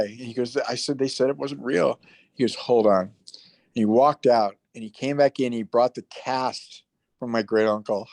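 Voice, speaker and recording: Guy telling stories on an interview call, lively, does the voices, dry sound. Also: medium pitch, no room sound. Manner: animated storyteller, acts out quoted voices. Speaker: guest, actor. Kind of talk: casual storytelling interview.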